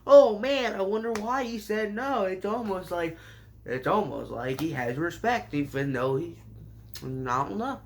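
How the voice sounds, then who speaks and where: A man's voice: high-pitched, lively intonation, measured pace. A man casually recapping a show with sarcastic, rambling asides and mock surprise. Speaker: show reviewer.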